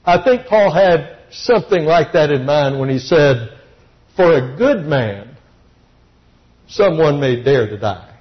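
A middle-aged male preacher with a fairly high voice tells personal stories in his sermon. He drops soft and low for the tender parts, then climbs high and fast when he acts out a scene. The recording sounds dull and lo-fi. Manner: storytelling, swings from soft and low to high and excited.

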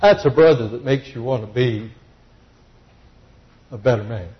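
A middle-aged man preaching a sermon, telling personal stories and moving between soft, low reflection and raised, excited retelling. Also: moderate pace, dull audio. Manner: storytelling, swings from soft and low to high and excited.

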